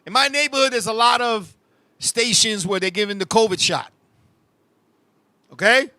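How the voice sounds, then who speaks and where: A male host tells animated, profane stories in casual comic chat and keeps turning to his co-host. His voice is very high and cutting. He is recorded on a close, completely dry mic. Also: normal speed, dry recording. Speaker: show host.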